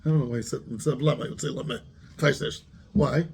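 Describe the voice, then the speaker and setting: A man's voice: medium pitch, fairly even intonation, fast, creaky, darkish tone, husky. A man, a rabbi giving a Torah class who keeps asking his students questions and mixes Hebrew terms into his English.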